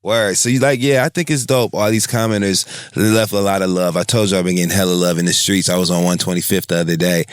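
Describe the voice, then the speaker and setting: Deep-voiced laughing male co-host. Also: fast, hardly any pauses, clean tone, no echo. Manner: lively storyteller, laughs a lot. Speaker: podcast co-host. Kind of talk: casual chat.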